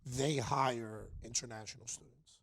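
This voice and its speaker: A man, a DJ guest on a podcast, telling stories in an animated, slangy way and swearing. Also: mid-range voice, unhurried. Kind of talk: casual storytelling.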